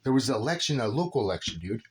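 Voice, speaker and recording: A man's voice: mid-range voice, very animated, racing, slight background noise. A man rambling casually through a personal story about his son, filling his talk with "right?" and "dude". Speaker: father telling a personal story.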